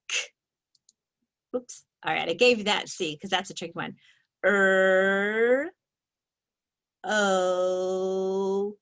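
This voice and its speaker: A woman teaching a reading lesson, slowly stretching out the sounds of each word in a patient, clear way. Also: lowish voice, fairly bright tone. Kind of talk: slow, patient phonics lesson.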